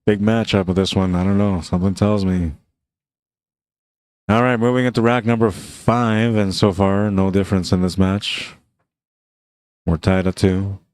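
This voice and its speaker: A man's voice: low voice, level tone, normal speed, pauses often, a little mellow, smooth, no room sound. A man giving laid-back, chatty live commentary on a pool tournament, reading viewer messages and talking about the players. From Canada.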